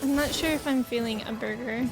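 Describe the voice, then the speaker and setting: A woman's voice: fairly high pitch, brisk. A woman streaming a game, giving chatty, jokey, slangy commentary as she plays. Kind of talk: casual gameplay commentary. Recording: loud game music behind.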